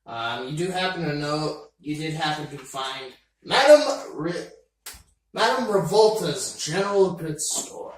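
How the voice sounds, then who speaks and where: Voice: medium pitch, animated, measured pace, distant mic, a little hiss or hum. Rambling game master in an echoey room. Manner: loose, rambling descriptions full of fillers. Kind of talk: narrating a tabletop game.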